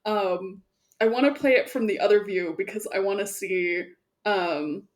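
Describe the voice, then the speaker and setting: A woman co-hosting a casual chat, telling animated gameplay stories and laughing often. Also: medium pitch, a little slow. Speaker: podcast co-host.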